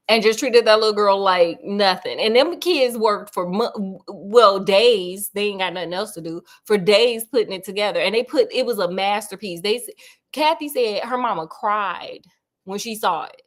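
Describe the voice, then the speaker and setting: A woman's voice: medium pitch, normal speed. A woman retelling a novel in a sassy, casual chat, speaking straight to her listeners and acting out the characters. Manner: sassy, animated, talks to listeners as "girl" and "honey", acts out the characters. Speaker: storyteller host. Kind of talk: casual chatty book retelling.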